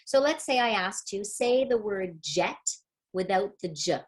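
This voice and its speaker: A woman's voice: mid-range voice, lively intonation, a little slow. A middle-aged woman teaching a parenting webinar on early reading, upbeat and demonstrative, explaining step by step. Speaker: literacy educator.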